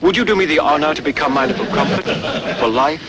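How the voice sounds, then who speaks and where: An actor playing a pompous, smitten upper-class English gentleman in a 1960s sitcom, with florid, courtly phrasing. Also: fairly high pitch, quick pace, heavy background noise, lightly acted.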